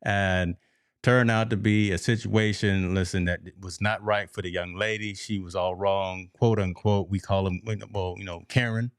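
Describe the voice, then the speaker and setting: Deep-voiced man hosting sports talk. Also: moderate pace, clear, resonant tone, no echo, studio quality. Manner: animated storytelling, addresses listeners as folks. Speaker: podcast host.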